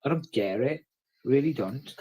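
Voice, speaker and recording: A man's voice: mid-range voice, expressive, normal speed, mellow, breathy edge. A man hosting a casual livestream, ranting and swearing in between jokes. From Wales. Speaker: livestream host.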